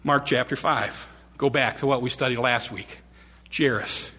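A man preaching a sermon, retelling scripture stories in plain everyday speech, animated, with frequent restarts. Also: mid-range voice, measured pace, husky, long reverb tail.

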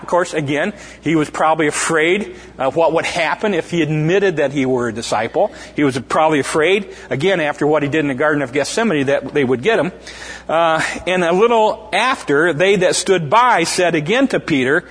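A man's voice: fairly high pitch, expressive, brisk, husky, big-room sound. A man preaching an informal sermon, retelling scripture in a conversational way with fillers and restarts, acting out the quoted voices.

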